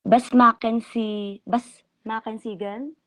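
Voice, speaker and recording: A woman's voice: a little high, fairly even intonation, slow pace, fairly bright tone. A woman student answering in a language class, hesitant and unsure.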